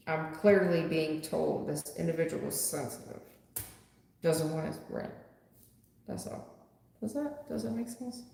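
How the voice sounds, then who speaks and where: A woman's voice: medium pitch, gravelly, a little mellow. A woman tarot reader chatting bluntly with viewers on a live stream. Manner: blunt, chatty, talks straight to the chat. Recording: echoey room with long reverb.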